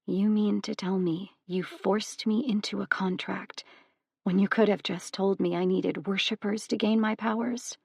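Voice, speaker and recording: A woman voicing a proud young goddess who speaks in a forceful, accusing way. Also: medium pitch, fairly even intonation, unhurried, creaky, husky, dry recording, studio quality. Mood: cold.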